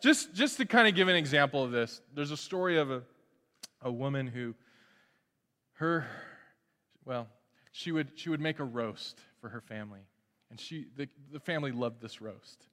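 A man preaching a sermon as a pastor in a lively, joking way, often restarting his phrases. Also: medium pitch, normal speed. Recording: long hall reverb.

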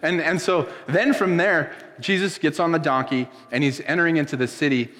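A pastor giving a casual, emotional sermon, telling the story loosely and dropping soft when moved. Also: male voice, on the high side, moderate pace. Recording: long hall reverb.

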